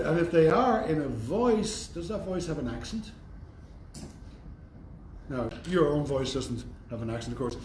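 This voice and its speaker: A man's voice: medium pitch, a little mellow. A man giving a university lecture in a thoughtful, conversational way with wry asides. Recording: roomy echo, faint background noise.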